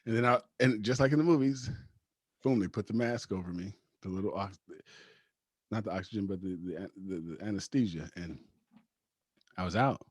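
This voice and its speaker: Husky low-voiced man telling a story. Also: moderate pace, pauses often, no room sound. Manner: laughs often while telling; acts out quoted dialogue. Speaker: podcast guest. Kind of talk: casual storytelling.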